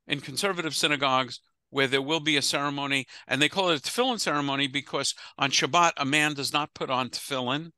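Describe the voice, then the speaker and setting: A man leads an adult study class as its rabbi, talking over a video call. His voice is very bright and sits close and dry, with no room around it. He speaks casually and digresses often. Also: fairly high pitch, quick pace, hardly any pauses, clear, resonant tone, no room sound. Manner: chatty, digressive, laughs easily. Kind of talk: casual adult-education lecture.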